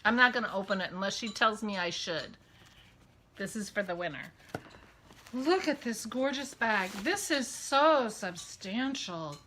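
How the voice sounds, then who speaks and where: A woman hosting a casual vlog, chatty and excitable, gushing as she talks. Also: mid-range voice, measured pace, slight background noise. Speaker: podcast host. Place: outdoors walking a dog, then indoors.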